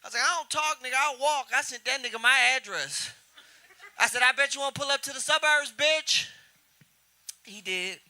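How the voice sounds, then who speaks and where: A man in his twenties doing a profane stand-up comedy set, telling stories and shouting out quoted lines. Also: very high voice, expressive, normal speed. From Houston area. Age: 20s. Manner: brash, profane storytelling with loud acted-out quotes. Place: comedy club stage.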